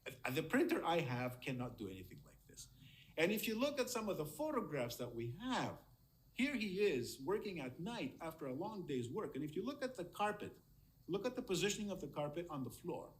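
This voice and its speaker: A man's voice: on the high side, sing-song, fairly quick. A man giving a lecture on medical history over slides, admiring and emphatic, often repeating words for stress.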